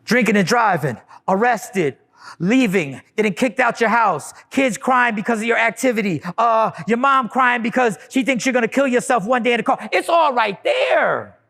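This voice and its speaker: A man delivering a comic stand-up style monologue, animated and mocking the voices of others. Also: extremely high pitch, normal speed, vocal fry. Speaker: comedian.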